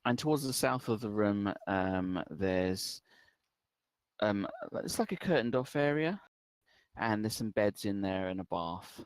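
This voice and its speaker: A man narrating as the game master of a tabletop game, relaxed and full of ums. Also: on the low side, a little slow, smooth, dry recording.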